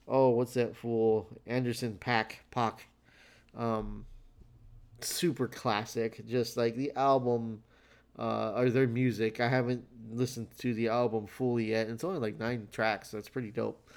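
A man's voice: mid-range voice, a little mellow. Tired, rambling male podcast host. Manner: rambling, lots of fillers and restarts. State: tired, yawning. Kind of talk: casual solo podcast monologue.

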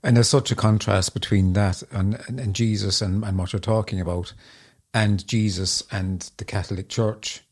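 A man with a low voice asks his guest questions in a casual, hesitant way, often repeating words as he gropes for them. His voice is gravelly with a husky edge. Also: fairly even intonation, normal speed. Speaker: interviewer.

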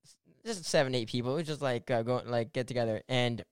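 A man's voice: mid-range voice, fast talker, clean tone, no room sound, studio quality. A young man casually telling a rambling story full of fillers and restarts, swearing freely. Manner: animated, swears and laughs through the story.

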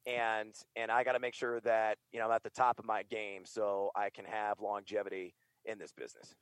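A man's voice: lowish voice, flat delivery, normal speed, clean tone, no echo. A middle-aged man from the United States, a fantasy sports broadcaster and writer, talking in a casual interview with energy, emphasis and many fillers.

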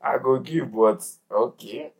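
A man's voice: mid-range voice, slow, a little mellow. A young Nigerian man co-hosting a podcast in casual chat, laid-back, answering in short replies and echoes. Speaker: podcast co-host.

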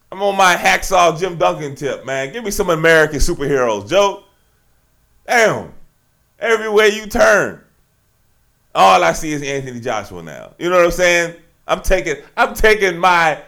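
Animated, gravelly-voiced man ranting. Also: on the high side. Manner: slangy, animated ranting with frequent asides. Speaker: podcast host. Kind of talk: solo sports podcast monologue.

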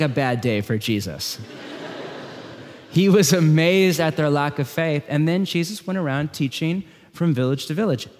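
A man preaching a sermon in a conversational style, swinging between loud emphasis and hushed lines. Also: fairly high pitch. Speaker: pastor. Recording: long hall reverb.

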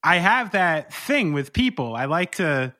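A podcast host man with a high, tense, bright voice. He chats loosely, cursing and joking about himself. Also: big pitch swings, a little slow. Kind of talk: casual podcast chat.

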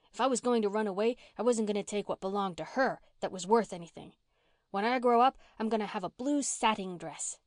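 A woman's voice: medium pitch, no echo, clean studio sound, natural voice. A woman reading an audiobook and voicing a blunt, touchy orphan girl who talks in country slang.

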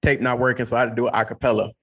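A man hosts a laid-back podcast in a mid-pitched voice. He jokes easily and tells his own stories in a casual, rambling way. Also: rapid-fire, breathy edge. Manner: relaxed, joking, laughs easily. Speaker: podcast host.

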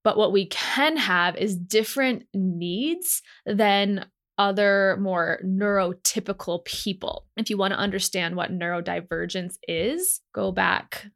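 A woman's voice: lowish voice, creaky, a bit bright. A young adult woman hosting a podcast, talking in an earnest, affirming way with emphatic declarations. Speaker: podcast host. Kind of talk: motivational podcast monologue.

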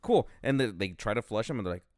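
Smooth-voiced young man telling stories. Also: on the low side, animated, fast, a little mellow, no room sound, studio quality. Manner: rambling storyteller, acts out others' lines. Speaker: podcast co-host. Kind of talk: casual chat.

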